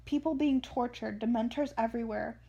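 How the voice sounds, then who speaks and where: A woman's voice: a little high, fairly quick, creaky, mellow, husky, lo-fi sound. A woman reading aloud the lines of an anxious, earnest teenage wizard boy in a plain read-aloud manner. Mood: urgent.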